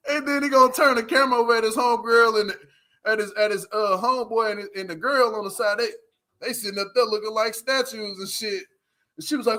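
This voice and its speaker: A man's voice: extremely high pitch, brisk, pushed and bright. A man hosting a casual livestream, reviewing a reality show, laughing often as he retells scenes with lots of slang.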